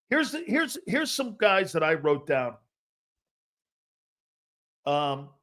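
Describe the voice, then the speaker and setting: Brief: male sports talk host, slightly high voice, loud, animated, jokey. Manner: loud, animated, jokey, talks straight to viewers. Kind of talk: live-stream sports talk reading chat.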